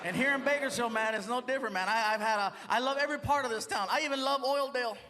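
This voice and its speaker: A man doing stand-up comedy, telling a story with animated delivery and acted-out voices. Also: extremely high pitch, fast talker, a loud crowd, very noisy.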